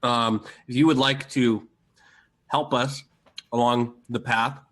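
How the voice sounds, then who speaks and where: Dry, deadpan young male co-host. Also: mid-range voice, takes it slowly. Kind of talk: live-stream town hall chat.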